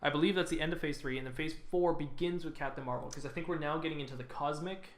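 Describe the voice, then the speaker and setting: A man's voice: on the high side, quick pace. A young Canadian man co-hosting a podcast in casual chat, rambling and hedging, often laughing at himself. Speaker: podcast co-host. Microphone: desk podcast mic. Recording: roomy echoey home room.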